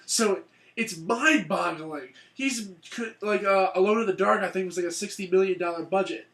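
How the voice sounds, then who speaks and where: A man with a fairly high voice rambles through a casual movie review chat. He swears freely and laughs a lot as he goes. The room around him rings with echo. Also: moderate pace, fairly bright tone. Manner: rambling, profane, laughs often. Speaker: co-host of a movie review show.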